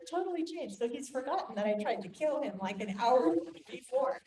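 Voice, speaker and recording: An older woman teaching a group, telling a family story in an animated way and acting out voices. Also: fairly high pitch, fairly quick, few pauses. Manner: animated, acts out quoted voices. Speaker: Bible study teacher. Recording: echoey room, faint noise.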